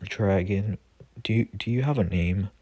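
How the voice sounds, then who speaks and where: A man's voice: fairly low pitch, unhurried, mellow. A man voicing a frightened young boy who stammers nervously. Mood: curious.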